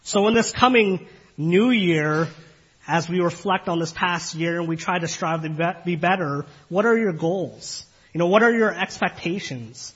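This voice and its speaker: A man preaching a sermon in an earnest, measured way, asking the listeners questions and pausing often on fillers. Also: sits high, a bit bright, slightly rough. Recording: dull lo-fi recording.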